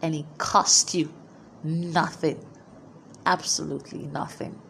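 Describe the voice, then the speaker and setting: A woman delivers a motivational sermon at a slow, deliberate pace, leaning hard on repeated declarations. Her delivery is emphatic, with dramatic pauses between lines. A faint hum of background noise sits under her voice. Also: deep voice, fairly even intonation, gravelly, a bit bright. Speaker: preacher.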